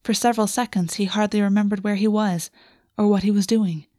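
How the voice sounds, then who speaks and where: Woman narrating a story, soft and steady, mellow voice, dry close mic. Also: medium pitch, brisk, no echo. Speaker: audiobook narrator. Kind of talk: scripted narration.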